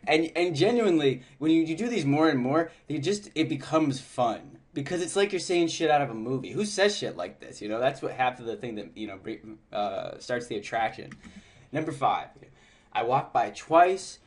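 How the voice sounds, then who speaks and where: A man's voice: mid-range voice, animated, moderate pace. A man giving casual dating advice, chatty and loose, laughing often and filling his talk with "like" and "you know.". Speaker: dating coach.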